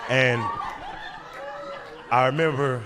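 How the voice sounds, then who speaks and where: A young man doing animated stand-up storytelling, acting out the characters and laughing as he goes. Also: mid-range voice, slow, crowd noise, noisy background. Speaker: stand-up comedian.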